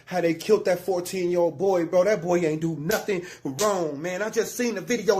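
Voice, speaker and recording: A man's voice: sits high, moderate pace, a little mellow, a little hiss or hum. A man in an emotional rant video, upset and pleading, repeating himself heatedly.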